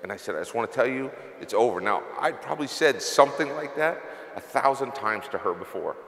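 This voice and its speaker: A man's voice: mid-range voice, fairly bright tone. Earnest middle-aged man in echoing hall. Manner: confessional, earnest, emotional storytelling. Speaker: company CEO giving a closing speech. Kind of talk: emotional motivational stage speech. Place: large event hall. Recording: echoey hall with long reverb.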